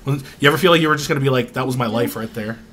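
A man co-hosting a casual podcast, joking and prodding his co-host with questions. His voice is mid-pitched. A clear layer of noise sits behind him. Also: rapid-fire, fairly bright tone. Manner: joking, teasing interviewer. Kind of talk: casual banter.

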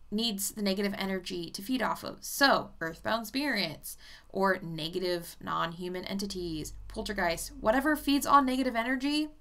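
A woman's voice: a little high, pushed and bright. A woman speaking as a psychic medium in a casual vlog, chatty and blunt, swearing freely as she explains things.

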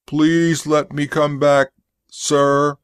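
A man voicing a frightened male robot who begs like a child in a higher voice. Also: flat delivery, very slow, clear, resonant tone, no room sound, clean studio sound. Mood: pleading. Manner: pleading, childlike.

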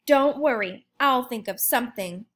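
A woman's voice: on the high side, moderate pace, fairly bright tone. A woman voicing a cheerful, protective father quail in a children's storybook. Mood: reassuring.

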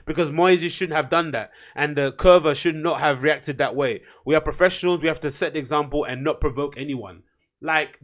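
A man's voice: on the high side, moderate pace, fairly bright tone. A man hosting his own podcast, ranting in a blunt, profane, rambling way, often getting heated. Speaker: podcast host. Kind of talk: casual solo rant.

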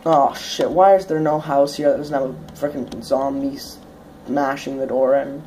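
A woman's voice: extremely low pitch, fairly even intonation, moderate pace, mellow, slight background noise. A young woman hosting a gameplay video, chatting casually as she plays, swearing now and then and bursting into sudden shrieks when startled. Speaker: let's play host.

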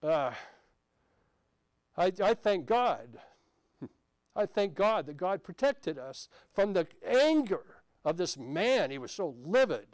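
A man's voice: high-pitched, big pitch swings, takes it slowly, long pauses, dry recording. A male pastor telling a personal story during a sermon in a conversational, anecdotal way. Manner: anecdotal, conversational with frequent restarts. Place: church sanctuary.

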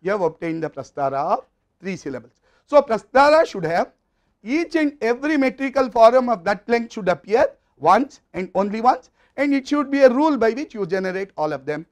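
A man's voice: very high-pitched, very animated, normal speed. A man with an Indian English accent giving a university lecture, explaining step by step in a methodical way.

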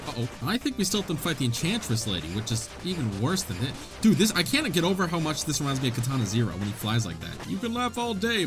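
A young man giving casual, excitable gameplay commentary, swearing and trash-talking the enemies. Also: on the high side. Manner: excitable, profane, jokey trash talk. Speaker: gaming video host.

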